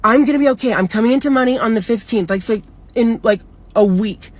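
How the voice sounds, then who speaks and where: A woman's voice: fairly high pitch, fast talker, a little mellow, no room sound. A young woman telling a storytime in a casual, upset and rambling way, swearing a lot. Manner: upset, rambling, heavy swearing, many "like" fillers.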